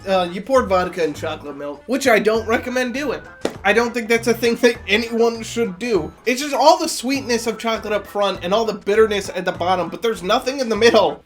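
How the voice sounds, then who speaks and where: A man giving casual, blunt taste-test commentary as a streamer, sarcastic and swearing freely. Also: high voice. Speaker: streamer taste-testing canned cocktails.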